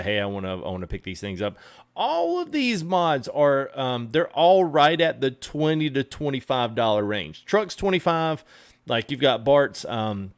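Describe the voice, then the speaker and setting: A man streaming a truck game, talking casually with many fillers and greeting his chat. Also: mid-range voice. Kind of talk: casual live-stream commentary.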